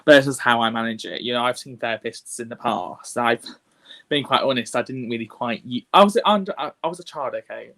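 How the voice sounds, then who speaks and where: A man's voice: mid-range voice, fairly quick, bright, forceful tone. Guy on a podcast, kinda hesitant, lots of ums, pretty frank. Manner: hesitant, frank, with many fillers. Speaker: podcast co-host. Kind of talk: casual chat.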